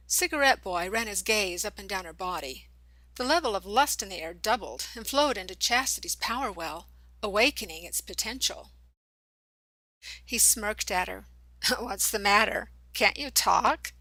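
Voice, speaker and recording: A woman narrating a young adult novel as an audiobook, reading in an expressive storytelling manner. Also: mid-range voice, no room sound, rough recording.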